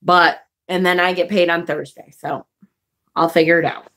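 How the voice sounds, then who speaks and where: Outraged storytelling woman vlogger, profane. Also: normal speed. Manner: animated and profane, replaying quarrels in high outraged bursts. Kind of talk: casual storytelling vlog, reading live chat.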